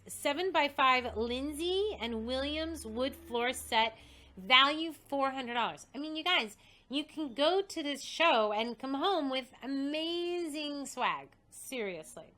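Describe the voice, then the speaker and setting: A woman host excitedly reading out a list of prizes, coughing and short of breath. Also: high-pitched, slow pace. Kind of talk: casual livestream announcement.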